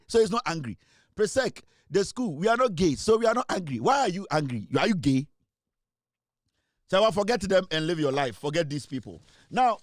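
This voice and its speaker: A man's voice: sits high, no echo, clean studio sound. A young Ghanaian man hosting a casual monologue, teasing with repeated rhetorical questions and mixing English with Twi. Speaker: show host.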